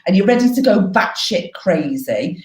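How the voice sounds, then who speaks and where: A woman coaching live, explaining advice in a frank, animated way and swearing freely. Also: mid-range voice, normal speed, echoey room, low-quality recording. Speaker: life coach.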